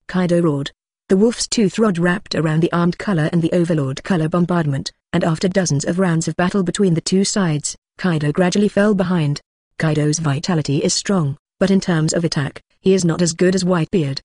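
A synthetic-sounding narrator reading a translated fantasy novel in a steady, even manner without fillers. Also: medium pitch, a little fast, no echo, clean studio sound. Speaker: audiobook narrator.

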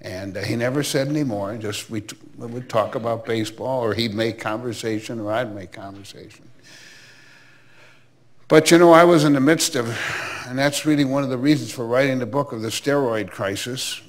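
An older man from Milwaukee spins long anecdotes from his years in baseball. He talks in a relaxed, storytelling way, full of asides and quoted exchanges, with a voice of middling pitch. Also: moderate pace. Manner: anecdotal, warm reminiscing with asides. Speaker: former baseball commissioner, guest. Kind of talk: storytelling interview.

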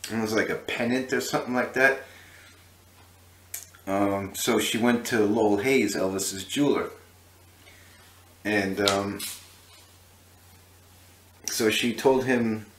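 A man's voice: fairly low pitch, reverberant. A man hosting a history channel, telling a story casually to the camera with many fillers and restarts.

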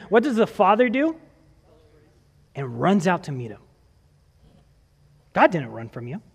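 A man preaches in a church sanctuary, his voice sitting high and leaping up and down as he asks his listeners questions. He reads scripture between his points. A long reverb trails each phrase through the hall. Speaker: pastor. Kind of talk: sermon.

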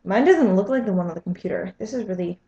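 A woman's voice: medium pitch, expressive, fast talker, dark tone, highs cut off. Squeamish young woman vlogging, echoey room. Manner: squeamish, self-mocking, talking to camera. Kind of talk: casual cooking vlog.

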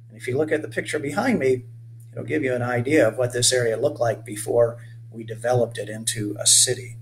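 Gentle older man reading a storybook. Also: medium pitch, fairly quick, a little hiss or hum. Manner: gentle storyteller, stops to explain to young listeners. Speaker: author reading his children's book. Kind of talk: storybook read-aloud for children.

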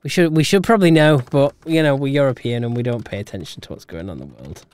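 Podcast cohost, giggly, reads stuff out, smooth clear voice, dry sound. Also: mid-range voice, expressive, darkish tone, dry recording. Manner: giggly, reads items out, quick laughing asides. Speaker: podcast co-host. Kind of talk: casual chat.

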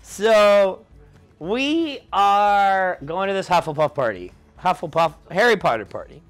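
Young man, drunk, slow rambling, high lively voice, faint background music. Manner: loud, rambling, swings into high shouted quotes. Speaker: drunk storyteller. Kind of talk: tipsy rambling anecdote.

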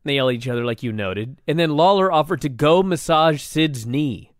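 Animated guy podcasting, swears a lot, bit high voice, dry mic. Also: moderate pace, no room sound. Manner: animated, swears freely, shouts when quoting. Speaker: podcast co-host. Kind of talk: casual chat.

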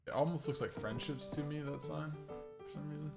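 A man's voice: on the high side, fairly even intonation, a little fast, vocal fry. A man with a Pacific Northwest American accent streaming a farming game, thinking aloud in casual commentary with dry self-mocking asides. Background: game music.

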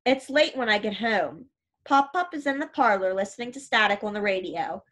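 A woman narrating an audiobook in an even, first-person storytelling manner. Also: medium pitch, moderate pace.

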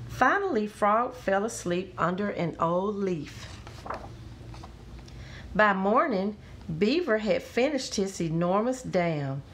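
A woman reading a children's storybook aloud with expressive, careful narration. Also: medium pitch, a little hiss or hum. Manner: expressive and slow.

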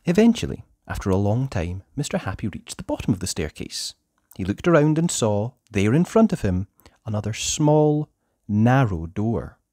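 A storyteller reading a children's picture book aloud in an expressive, sing-song way. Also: mid-range voice, moderate pace, no echo, studio quality.

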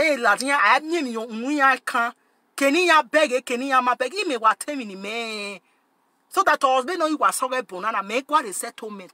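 A woman's voice: high voice, sharp tone, no echo. A woman hosting her channel, talking emphatically and switching between Pidgin English and Yoruba, repeating phrases for force. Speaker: channel host. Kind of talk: animated direct-to-camera rant.

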